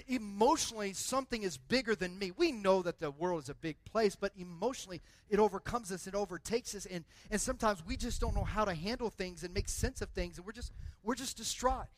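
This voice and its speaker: A man preaching a sermon to his church, building from a quiet, conversational delivery to loud, emphatic passages with lots of repetition. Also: high voice, a little fast, no room sound. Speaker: pastor.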